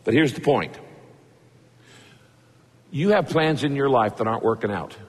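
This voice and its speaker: A male pastor preaching a sermon, telling the story with lively asides and acting out the characters' lines. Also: mid-range voice, normal speed. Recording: long hall reverb.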